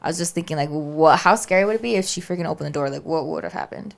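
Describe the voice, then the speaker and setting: A woman's voice: sits low, fast, gravelly. A woman podcast co-host casually telling a spooky story, chatty and always checking in with "right?" and "like.". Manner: chatty, keeps saying "right?" and "like".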